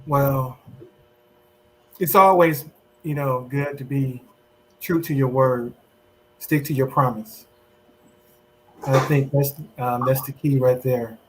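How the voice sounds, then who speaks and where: A man answering his partner's relationship questions on a podcast, in a relaxed and hesitant way. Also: medium pitch, takes it slowly, long pauses, slight background noise, poor audio.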